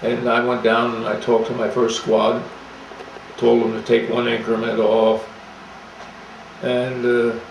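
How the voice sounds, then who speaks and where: An older man, an army veteran, recounting his memories in a plain, matter-of-fact and halting way. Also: mid-range voice, monotone. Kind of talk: oral history storytelling. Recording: echoey room, distant mic, faint noise.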